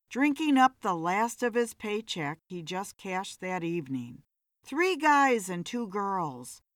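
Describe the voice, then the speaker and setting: A woman's voice: on the high side, a bit bright, no room sound, studio quality. A woman narrating a short story in a scripted reading.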